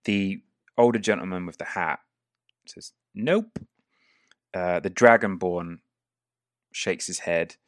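A man narrating a tabletop game as game master in a relaxed, halting way. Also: deep voice, smooth, no echo, studio quality.

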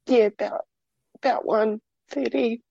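Slow, husky woman recounting. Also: fairly high pitch, steady tone, mellow, dry recording, dull audio. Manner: halting, repeats words while recounting. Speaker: interview guest. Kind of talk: personal story told in an interview.

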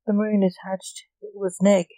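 A woman's voice: mid-range voice, little pitch movement, moderate pace, mellow, close to an everyday voice, low-quality recording. A woman voicing a worried young male necromancer in a storybook reading, in her own plain voice.

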